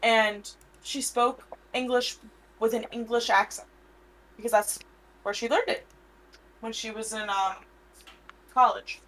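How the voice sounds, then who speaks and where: Woman, sassy co-host, bright tone, blunt casual storytelling. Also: on the high side, fairly even intonation, unhurried, pauses often, low-quality recording. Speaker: podcast co-host. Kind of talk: casual chat.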